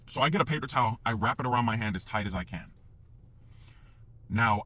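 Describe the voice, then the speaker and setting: Husky young man, mid pitch, swearing through a lively storytime monologue. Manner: profane, animated retelling that acts out the sounds of the story.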